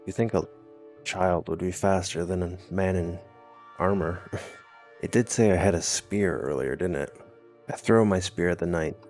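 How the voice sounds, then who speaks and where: A man's voice: low-pitched, moderate pace, darkish tone, faint music behind. A man reading a text adventure game aloud, adding wry, amused comments of his own. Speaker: gamer.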